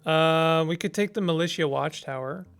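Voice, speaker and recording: A man's voice: fairly high pitch, normal speed, vocal fry, fairly bright tone, clear, resonant tone, faint music behind. A man casually commenting as he plays a text-based strategy game, reading its text aloud and thinking through his moves with small hesitations.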